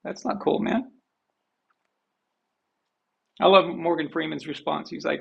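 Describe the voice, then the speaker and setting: Gravelly, husky American man ranting bluntly. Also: a little high, fairly even intonation, unhurried, pauses often, fairly bright tone, dull audio. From United States. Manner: blunt, rambling, repeats himself, swears casually. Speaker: host of a sports live show. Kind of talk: casual opinion rant on a live stream.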